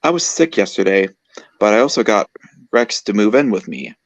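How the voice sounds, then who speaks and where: A man reading aloud, voicing a laid-back male cartoon squirrel in a loud, casual tone. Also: fairly low pitch, lively intonation, moderate pace, no room sound.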